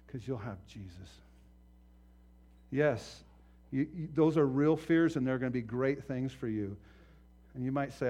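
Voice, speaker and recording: Speaking at a normal speed in a mid-range voice, this man preaches as a pastor. His delivery is impassioned, moving between quiet and loud, and he performs the different voices in his stories.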